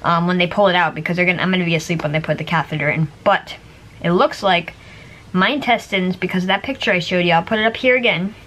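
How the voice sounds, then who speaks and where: A woman's voice: lowish voice, fast, fairly bright tone, a little hiss or hum. A woman vlogger chatting casually to camera, rambling with lots of fillers and little laughs.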